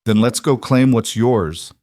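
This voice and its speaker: A man voicing a watchful cowboy who speaks calmly with an edge of authority. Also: medium pitch, a little slow, no echo, studio quality, close to an everyday voice. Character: calm, watchful cowboy protector.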